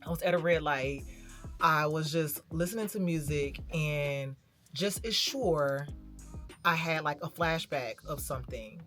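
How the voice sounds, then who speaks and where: A woman's voice: low-pitched, measured pace, fairly bright tone, faint music behind. A woman vlogging in a candid, reflective way, telling a personal story and talking straight to her viewers. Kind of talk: candid casual vlog talk.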